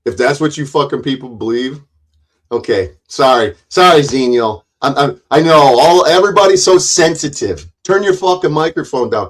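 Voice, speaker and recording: A man in the middle of a heated livestream rant, swearing freely and mocking his critics with sarcasm. His delivery is loud and forceful, and he calls it passion rather than anger. His voice sits at an ordinary middle pitch for a man. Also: expressive, moderate pace. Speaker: YouTube channel owner.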